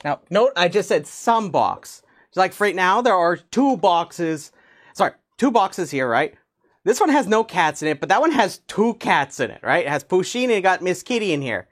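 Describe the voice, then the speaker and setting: Lively, chatty woman teaching math. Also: on the low side, moderate pace. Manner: chatty, laughs often, excitable, talks to her cats. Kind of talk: casual math lesson with props.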